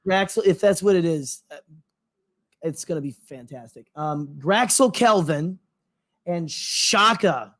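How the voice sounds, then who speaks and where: A man's voice: a little high, expressive, a little slow, fairly bright tone. A man co-hosting a podcast in casual chat, rambling off on tangents with lots of fillers. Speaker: podcast co-host.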